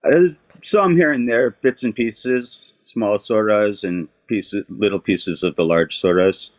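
A man's voice: fairly low pitch, slow pace. A man in his thirties, a caller on a podcast, answering questions hesitantly with many fillers. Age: 30s. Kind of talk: casual interview answers.

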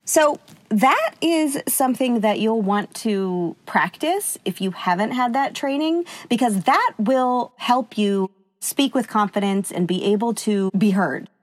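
A woman's voice: on the high side, expressive, unhurried, no room sound. A woman hosting a solo podcast as a confidence coach, chatty and upbeat, laughing often and sometimes a little short of breath. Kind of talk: solo podcast advice talk.

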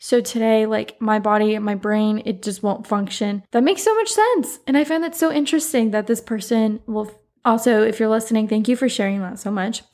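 A woman's voice: mid-range voice, fairly even intonation, brisk, few pauses, a little mellow. Chatty Southern woman podcaster. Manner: chatty, rambling, many "like" fillers and asides. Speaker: podcast host. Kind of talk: casual solo podcast chat.

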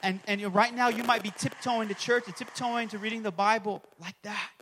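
A man pastor preaching an impassioned sermon, calling out to the congregation and swinging between shouted prayers and hushed asides. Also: sits high, steady tone, fairly quick, slight background noise. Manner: calls out to the congregation.

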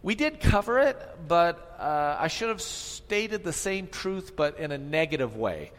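A man delivers a sermon in a fairly high voice, driving points home through repetition and direct questions to the people in front of him. His words ring out in a church sanctuary with a long trailing reverb. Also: big pitch swings, unhurried. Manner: emphatic, repeats phrases for effect, asks the congregation questions. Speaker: pastor.

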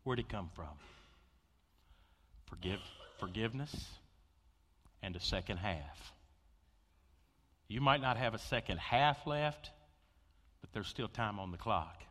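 A man preaching a sermon, telling stories with big swings between loud excitement and hushed intensity. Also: on the low side, takes it slowly, long pauses. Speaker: pastor. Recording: long hall reverb.

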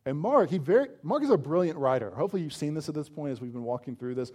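A man's voice: fairly high pitch, very fast. A man preaching a sermon as pastor, in a conversational way, often saying "like" and stressing points with energy. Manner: conversational, peppered with "like", animated emphasis.

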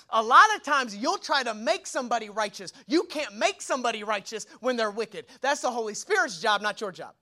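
A young man preaching a sermon as pastor, energetic and colloquial, with slang and rhetorical questions. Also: extremely high pitch, a little fast, few pauses.

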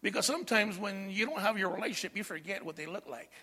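Middle-aged male pastor with a high voice, animated call-and-response preaching in a reverberant hall. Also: fast talker, husky. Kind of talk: sermon.

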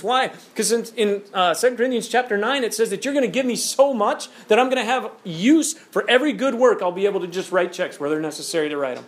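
A man preaching a lively sermon, full of rhetorical questions and told stories. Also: very high-pitched, a little fast. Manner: animated, storytelling, rhetorical questions.

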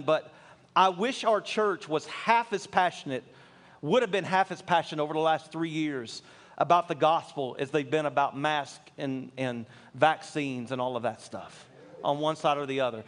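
A man preaching a sermon to his church, earnest and building from quiet asides to fervent appeals. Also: high voice. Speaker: pastor.

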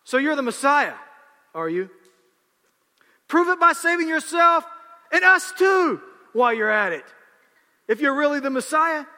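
A man's voice: very high voice, big pitch swings, a little slow, pauses often, sharp tone, voice pushed up, heavily acted. A man preaching, voicing a sarcastic criminal who sneers and scoffs, in a reverberant hall. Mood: sneering.

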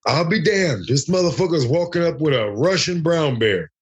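Husky-voiced man telling wild stories. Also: on the high side, lively intonation, moderate pace, muffled recording. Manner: profane, joking, acts out other voices. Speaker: interview guest, former fighter. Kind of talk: animated storytelling.

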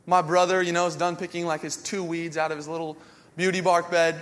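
A man with a notably high voice preaches a sermon, telling self-mocking stories with humor. His words ring out with the long reverb of a large hall. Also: fairly bright tone. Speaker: pastor.

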